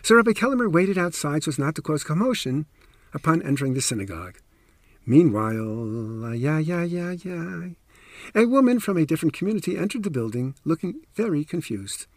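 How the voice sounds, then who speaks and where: Storyteller, male, somewhat high voice, emphatic, wry asides, dry close studio sound. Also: sing-song, quick pace, dry recording. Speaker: podcast storyteller. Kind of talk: animated storytelling narration.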